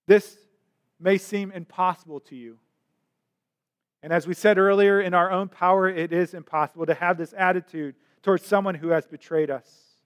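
A male pastor preaching an earnest sermon in a church, rising to impassioned questions. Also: sits high. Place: church sanctuary.

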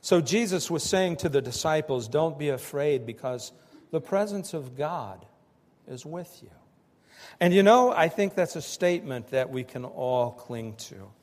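A man preaching a sermon in slow, emphatic phrases that swell and drop with pauses between them. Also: a little high, animated, darkish tone, in a large hall. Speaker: pastor.

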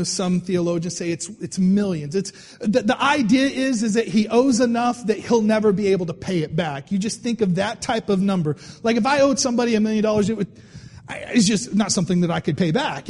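A man's voice: high voice, a little mellow, long reverb tail. A male pastor preaching a sermon in a conversational way, reading scripture aloud and often repeating his words.

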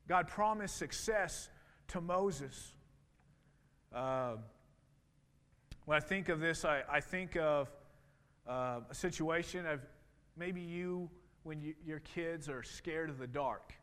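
A pastor in his thirties preaches conversationally, slowly and with frequent pauses, full of fillers and restarts. His voice is on the high side, fairly bright and clean in tone, with long hall reverb.

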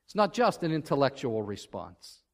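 A man's voice: medium pitch, very animated, moderate pace. A man preaching a sermon as pastor, earnest and building to fervent emphasis. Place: church sanctuary. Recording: long reverb of a church hall.

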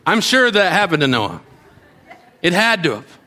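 A man preaching to children in an animated way, often asking them questions. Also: sits high, normal speed, some chatter behind, slight background noise. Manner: animated, asks the kids questions. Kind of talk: sermon to children.

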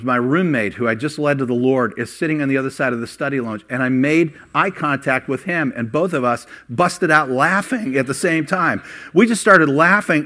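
An older man preaches from the pulpit, telling personal stories. His voice sits a little higher than most men's, climbing for emphasis and dropping low and quiet when he recounts the past. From Ohio. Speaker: pastor.

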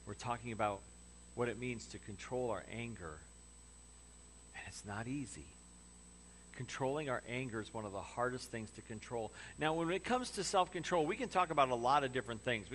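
A man's voice: medium pitch, fairly bright tone, a little hiss or hum. A man preaching a sermon in a conversational way, with humorous asides. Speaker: pastor.

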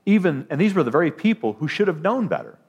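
A man's voice: fairly high pitch, very animated, fast talker, darkish tone, breathy edge, lo-fi sound. A man preaching a sermon, emphatic, rising to declarations and often restarting his phrases.

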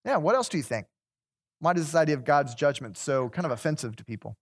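A man's voice: on the high side, animated, quick pace. A man teaching an interactive Bible class, talking conversationally, repeating words and putting questions to the group.

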